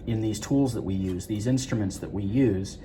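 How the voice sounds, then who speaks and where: A man's voice: lowish voice, moderate pace, warm tone, a little hiss or hum. A man working as a guitar repair tech, explaining a repair in a casual, rambling way with many fillers and restarts.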